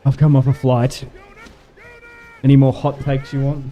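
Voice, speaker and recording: A man's voice: mid-range voice, level tone, normal speed, lo-fi sound, faint music behind. A young man streaming a game, laughing a lot and mimicking voices as he tells stories, jet lagged. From Australia. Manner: laughs often, mimics other voices when retelling. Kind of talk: casual livestream chat while gaming.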